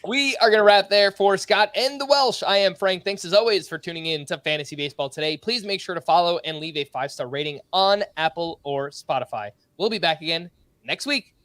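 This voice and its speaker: A man hosting a casual sports podcast, running briskly through stat updates and laughing often. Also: high-pitched, a bit bright, dry recording, studio quality. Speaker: podcast host.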